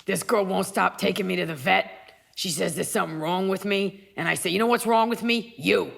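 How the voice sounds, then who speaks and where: A woman's voice: mid-range voice, brisk, creaky. A woman voicing a grumpy, streetwise female cat who complains in tough, slangy talk.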